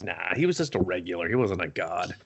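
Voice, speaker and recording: A man's voice: deep voice, lively intonation, a little fast, creaky, lo-fi sound. A man co-hosting a casual movie-review podcast, joking and swearing while acting out characters. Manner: joking, profane, laughs and acts out characters. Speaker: podcast co-host.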